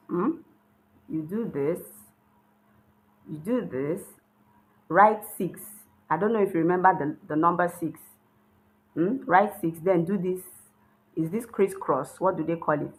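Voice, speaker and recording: A woman teacher in a patient, step-by-step writing lesson, her voice sitting a little low. She goes slowly and repeats each step, checking in with a questioning "hmm?" now and then, and draws out words as she models them. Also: rough recording. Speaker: language teacher.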